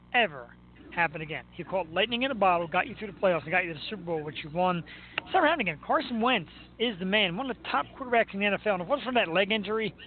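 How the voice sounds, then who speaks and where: A man from Philadelphia hosts a casual sports talk show with a high voice and a lot of enthusiasm. He chats freely and laughs easily. The audio is thin and tinny like a phone line, with faint background noise. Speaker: show host.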